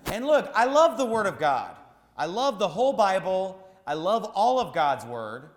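A man preaching a sermon as pastor, emphatic and repetitive, rising to shouts at times. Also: sits high, big pitch swings, normal speed, reverberant, in a large hall.

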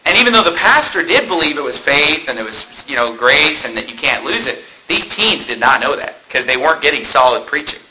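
Lively high-voiced male preacher. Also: fairly quick, few pauses, rough recording. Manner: conversational, peppers talk with "you know" and "okay?"; wry, joking asides. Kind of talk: sermon storytelling.

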